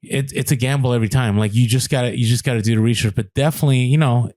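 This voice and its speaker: A man co-hosting a podcast in casual chat, talking in a chatty way with many fillers and restarts. His voice sits at a middling pitch and is recorded close and dry, with no room sound. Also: steady tone, very fast, darkish tone, dry recording. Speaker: podcast co-host.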